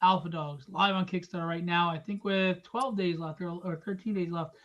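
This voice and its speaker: A man's voice: high-pitched, steady tone, moderate pace, fairly bright tone, highs cut off. Joking, rambling live-stream host man. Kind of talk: casual live-stream chat with plugs.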